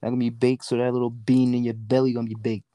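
A young man chatting on a podcast, animated, laughing often and acting out the people in his stories. His voice is mellow and warm, and the sound is dry and close. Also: mid-range voice, quick pace, no room sound. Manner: animated storyteller, acts out voices, laughs often, swears freely. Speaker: podcast guest. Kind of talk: casual chat. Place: in a car.

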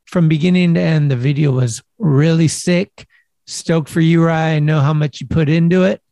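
Laid-back male host with a slightly raised pitch and a dry close-mic sound, slangy and casual. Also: steady tone, moderate pace, gravelly, mellow, dry recording. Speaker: podcast host. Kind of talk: casual chat.

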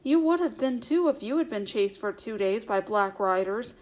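A woman's voice: mid-range voice, lively intonation, moderate pace, lightly acted. A woman reading as Pippin, a cheeky young hobbit. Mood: eager.

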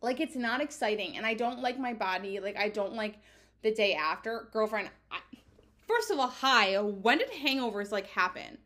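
A woman's voice: on the high side, expressive, moderate pace, pushed and bright. A woman in her twenties hosting her own podcast, talking candidly in a chatty, casual monologue full of "like" fillers and casual swearing. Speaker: podcast host.

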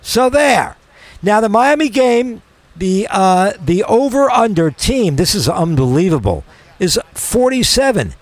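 New guy on sports radio, high voice that jumps all over, arguing his point, dry sound. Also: very animated, unhurried, dry recording. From New York. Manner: opinionated, emphatic, argumentative. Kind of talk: casual sports talk.

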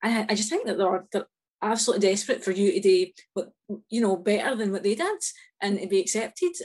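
A woman with a Scottish accent, an author chatting as a podcast guest, talking in quick restarts and repeated words. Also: medium pitch, expressive, a little mellow, breathy edge. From Scotland. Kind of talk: casual interview chat.

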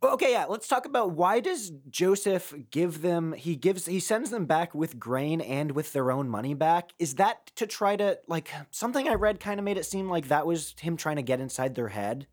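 Lively cohost jumping in w questions, pitch all over the place. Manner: animated, quick to interject and question. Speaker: podcast co-host. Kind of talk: casual discussion.

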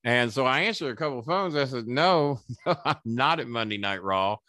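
A man's voice: mid-range voice, brisk, no echo, studio quality. A man, a former wrestling manager, telling stories as a podcast guest, cursing freely and acting out what other people said. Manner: profane, animated storyteller who acts out quoted people. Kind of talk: storytelling in a podcast interview.

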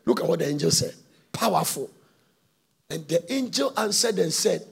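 High-pitched, gravelly preacher man shouting. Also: animated, moderate pace, long pauses. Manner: impassioned, shouting and half-singing phrases. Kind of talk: sermon.

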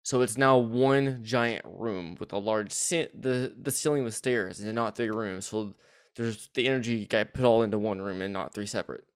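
A man's voice: on the low side, moderate pace, clear, resonant tone. A man with a Southern US accent co-hosting a podcast, talking casually with restarts and blunt swearing. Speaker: podcast co-host. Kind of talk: casual chat.

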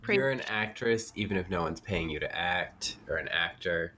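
Deep-voiced man in casual chat. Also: normal speed, pushed and bright, slight background noise. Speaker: podcast co-host.

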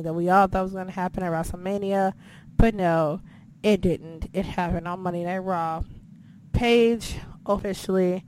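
A woman with a lowish, somewhat mellow voice hosts a casual podcast chat, speaking loosely and chattily. She swears often and leans heavily on "you know," with slight background noise behind her.

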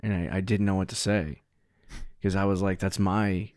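A man's voice: low-pitched, little pitch movement, moderate pace, a little mellow, no echo, studio quality. A young man co-hosting a casual sports podcast, rambling, correcting himself mid-sentence and laughing often as he talks into a podcast mic. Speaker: podcast co-host.

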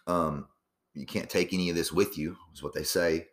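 Young guy with a really low voice, swearing a lot, rambling and restarting mid-sentence. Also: fairly even intonation, moderate pace. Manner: profane, meandering, lots of fillers and restarts. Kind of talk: casual rambling monologue.

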